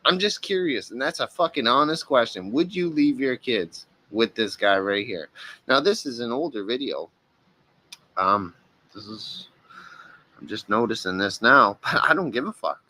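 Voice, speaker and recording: A man's voice: medium pitch, animated, moderate pace, bright, forceful tone. A man hosting a reaction video, talking over clips with profane, sarcastic taunts. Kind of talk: mocking commentary over clips.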